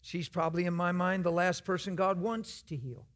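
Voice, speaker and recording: A man's voice: high-pitched, steady tone, normal speed, a bit bright. A man preaching in a church, telling a story in an earnest, conversational way. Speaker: guest preacher. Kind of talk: storytelling sermon.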